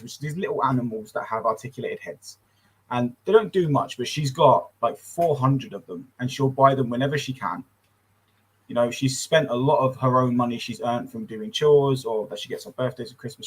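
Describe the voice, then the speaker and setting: A man's voice: medium pitch, a little fast, husky, poor audio. A man, chatting casually on a podcast, rambling and swearing freely. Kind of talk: casual chat.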